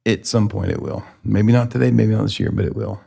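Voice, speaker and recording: Gravelly man, blunt and resigned. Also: fairly low pitch, steady tone, fairly quick, mellow. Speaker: board member. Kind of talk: debate at a public board meeting. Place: public meeting room.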